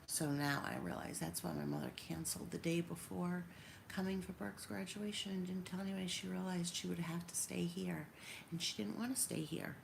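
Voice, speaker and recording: A woman in her fifties vents to her camera in a rambling, hurt way. Her voice sits fairly low, and she talks in loose, restarting bursts. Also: fairly even intonation, brisk, vocal fry, slight background noise. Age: 50s. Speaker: vlogger. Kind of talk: emotional personal vlog.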